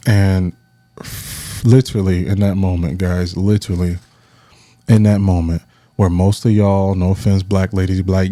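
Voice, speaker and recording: Male podcast host, thirties, mellow low voice, lively storyteller, dry close mic. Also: moderate pace, dry recording. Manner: animated, acts out friends' voices in quotes; addresses listeners directly, repeats phrases. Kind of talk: casual storytelling chat.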